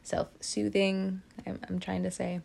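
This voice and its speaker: A woman giving a casual tarot reading to her viewers. She is gentle and tearful, often laughs and breaks off mid-sentence. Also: fairly low pitch, fairly even intonation, takes it slowly. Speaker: tarot reader.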